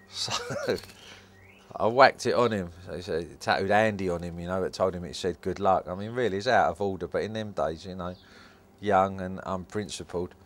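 A man's voice: low-pitched, animated, normal speed, a little hiss or hum. A tattoo artist, a man, telling a wry anecdote in an interview.

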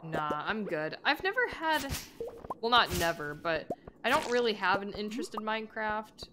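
A woman's voice: medium pitch, sing-song, normal speed, noisy background. A woman chatting playfully and rambling with frequent giggles while streaming a video game. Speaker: gaming streamer. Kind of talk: casual live-stream chat while playing. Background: game music.

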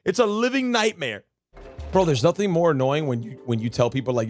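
A man's voice: on the high side, big pitch swings, fairly quick, soft background music. Profane man ranting on a stream. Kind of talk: casual live-stream rant.

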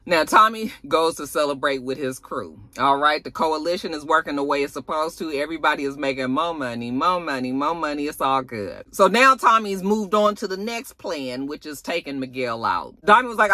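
A young adult woman recapping a TV episode in a sassy, animated, casual way, acting out the characters' lines. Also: low voice, normal speed, no room sound. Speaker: TV show reviewer.

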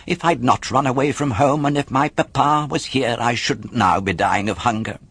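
A man's voice: mid-range voice, normal speed, fairly bright tone, husky, no echo, pitched above the performer's own voice. A man voicing a hungry, impulsive wooden puppet boy in a storybook reading, fretting aloud to himself. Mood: sobbing. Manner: fretful, talking to himself. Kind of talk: audiobook character voice.

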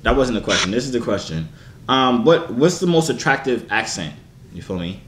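A man's voice: mid-range voice, lively intonation, normal speed, fairly bright tone. Playful, teasing young man in an echoey room. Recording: echoey room, faint background hiss.

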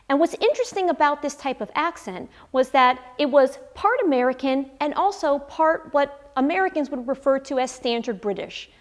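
High-voiced woman linguist explaining. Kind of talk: educational explainer.

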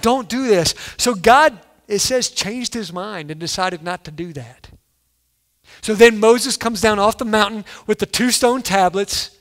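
Man, pastor preaching, high-pitched, animated delivery, loud emphatic punches. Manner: animated, acts out quotes, sudden loud emphasis. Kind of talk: sermon.

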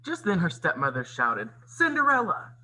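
A man reads a children's storybook aloud in an expressive, teacherly way, his voice rising and falling a lot. The tone is bright with a gravelly grain. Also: medium pitch, moderate pace, a little hiss or hum, low-quality recording. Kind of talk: read-aloud storybook narration with comments.

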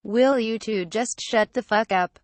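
A drunk, abusive middle-aged father from a spoken horror story, snarling through slow, slurred words, voiced by a woman. He sounds low and dragging. The recording is dry and close. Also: no echo, close to an everyday voice. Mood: drunken rage.

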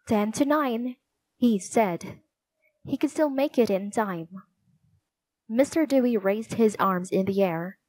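Slow, deliberate woman narrator. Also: mid-range voice, darkish tone, no room sound, poor audio. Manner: clear and deliberate storytelling. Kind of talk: children's audiobook reading.

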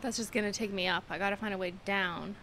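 A woman's voice: mid-range voice, steady tone, fast talker, bright, forceful tone, a little hiss or hum. A woman streaming a game live, chatting casually, swearing a lot and breaking into anxious squeals. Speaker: livestreamer. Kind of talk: casual gameplay commentary. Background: game music.

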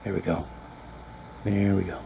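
Whispering man grumbling low and flat. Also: unhurried, gravelly, dull audio. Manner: hushed, grumbling, profane. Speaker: let's player. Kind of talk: whispered gameplay commentary. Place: small closet. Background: faint background noise.

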